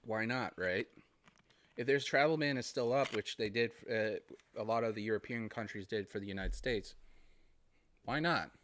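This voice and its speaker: Hosting a casual solo podcast, a Massachusetts man with a Boston accent speaks in a lowish, somewhat bright voice at a moderate pace. He rambles in a friendly way, laughing between thoughts.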